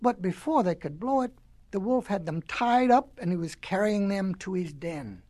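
A woman reading a children's storybook aloud, her pitch rising and falling in a very lively way. Her telling is folksy and expressive. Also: moderate pace.

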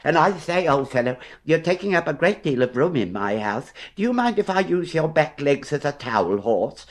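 A fussy, house-proud rabbit, as a man reading a storybook puts him on. He talks in a brisk, prim, matter-of-fact way and is a touch bossy. His pitch sits a little above the reader's own and moves about a lot. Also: very animated. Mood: chatty.

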